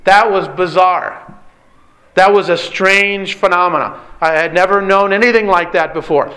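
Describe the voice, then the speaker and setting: A man's voice: high-pitched, moderate pace, bright, forceful tone. A middle-aged man preaching a sermon as pastor, earnest and pleading, often asking rhetorical questions.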